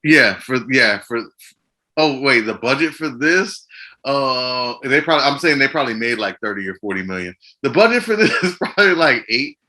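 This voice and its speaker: A man co-hosts a podcast with a bright, forceful tone, trading crude jokes during casual movie chat. He chimes in fast with short agreements. His pitch sits in the ordinary middle range for a man. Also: lively intonation. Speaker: podcast co-host. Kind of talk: casual film review chat.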